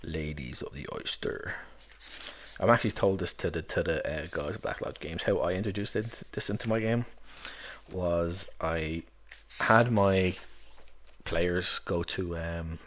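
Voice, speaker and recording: A man with a very low, deep voice talks through his favourite tabletop books in a loose, rambling way. He keeps it casual and chatty, with plenty of fillers and asides. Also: a little slow, fairly bright tone, a little hiss or hum. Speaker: tabletop game master reviewing books. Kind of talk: casual rambling book review.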